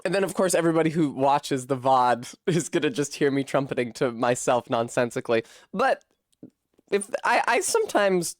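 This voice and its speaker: A man's voice: mid-range voice, no echo, studio quality. A man from Rhode Island chatting casually on a live stream, self-deprecating and swearing freely, with occasional coughing. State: coughing fits.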